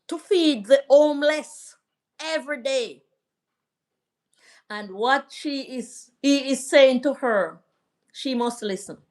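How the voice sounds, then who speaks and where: Slow-talking Jamaican woman telling a family story. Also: high voice. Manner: slow, warm storytelling, reading out and answering viewer comments. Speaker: livestream host. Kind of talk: casual live chat and storytelling.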